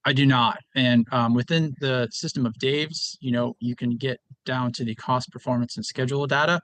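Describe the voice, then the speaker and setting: An American man answering questions on a conference panel in a measured, explanatory way. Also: mid-range voice, steady tone, a bit bright, slight background noise. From United States. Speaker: panelist presenting research.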